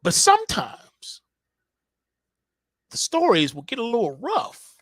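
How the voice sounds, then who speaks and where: Animated, slangy male show host. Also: very high voice, takes it slowly, no room sound. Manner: animated, voices quotes, slangy. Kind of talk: casual comic monologue.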